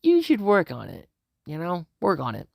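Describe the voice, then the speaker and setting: A man's voice: a little high, huge pitch swings, moderate pace, vocal fry, no echo, pitched above the performer's own voice, exaggerated voice. A man voicing a friendly young cowgirl pony mare with a put-on Southern cowgirl drawl and folksy country talk.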